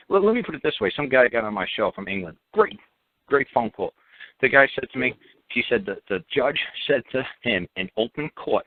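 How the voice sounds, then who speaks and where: A man hosting a call-in talk show hammers his points home with blunt repetition and mocking asides. His voice sits fairly low. It comes through a narrow, phone-like line with a dry, close sound. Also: no echo. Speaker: radio talk show host.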